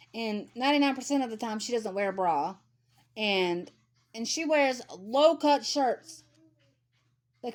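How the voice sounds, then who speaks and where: A woman in her thirties giving a blunt, ranting commentary to camera, repeating herself for emphasis. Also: sits high. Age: 30s. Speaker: vlogger. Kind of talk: casual commentary.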